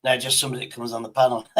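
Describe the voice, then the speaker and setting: A man's voice: mid-range voice, low-quality recording. A man from Derbyshire with a Derbyshire accent, a tipsy stream host rambling and swearing in casual chat. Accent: Derbyshire English. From Derbyshire, England.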